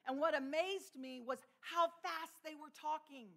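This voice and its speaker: A woman pastor from Texas preaching a sermon in a church, telling stories in a lively way. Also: high voice, moderate pace, vocal fry. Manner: storytelling with laughs and imitated voices. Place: church sanctuary.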